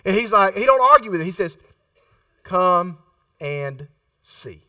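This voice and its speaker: Male preacher, middle-aged, high voice, forceful tone, conversational sermon, distant dry mic. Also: expressive, a little slow, dry recording. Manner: conversational, repeats phrases for emphasis; acts out quoted voices in his storytelling.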